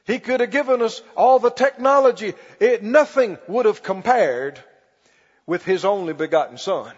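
A man preaching a sermon as pastor, stretching key words slowly and calling for the congregation to respond. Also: sits high, lively intonation, husky. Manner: preaching with call-and-response, slow emphatic stretches. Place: church. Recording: muffled recording in a reverberant church hall.

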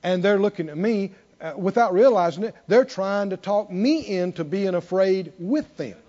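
A high-pitched male preacher at a moderate pace sinks into near-whispered storytelling, then climbs back to loud, emphatic exhortation in his sermon. He leads call-and-response, having the congregation repeat lines back, and the recording sounds muffled.

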